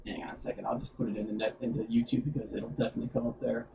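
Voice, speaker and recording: A man's voice: medium pitch, little pitch movement, rapid-fire, gravelly, dull audio, background noise. A man hosting a casual streamed chat show, rambling with lots of fillers and laughing often. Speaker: podcast host.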